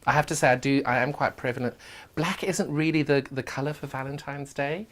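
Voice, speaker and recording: A man's voice: mid-range voice, fairly even intonation, a little fast, a bit bright. A man with a South African accent, co-hosting a live craft show and chatting enthusiastically. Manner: enthusiastic, agreeable. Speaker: co-host. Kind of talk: casual live chat.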